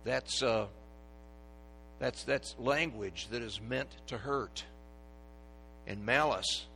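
A middle-aged man, a pastor, preaching a sermon with dynamic swings from hushed to loud and emphatic. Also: medium pitch, creaky, a little hiss or hum. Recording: long reverb of a large hall.

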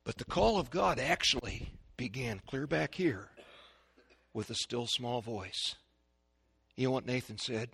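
A middle-aged man preaching a sermon as pastor, animated, acting out the voices in his stories. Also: mid-range voice, unhurried, gravelly, slightly rough.

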